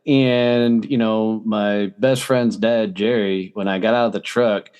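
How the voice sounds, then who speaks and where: A man being interviewed as a podcast guest, telling blunt, profane stories in a fast, lively, casual way. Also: on the low side, smooth, lo-fi sound. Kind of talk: casual storytelling.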